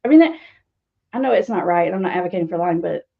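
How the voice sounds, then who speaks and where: A woman's voice: on the low side, lively intonation, quick pace, gravelly, muffled recording. A woman recovery coach answering interview questions in a teasing, sarcastic way, often laughing. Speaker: guest speaker, addiction recovery coach.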